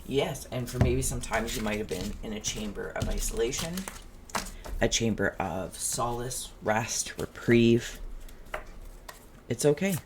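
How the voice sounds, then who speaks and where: A tarot reader hosting a relaxed, channeled reading, who talks in a musing, chatty way and drifts into humming and asides. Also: medium pitch, measured pace, noisy background.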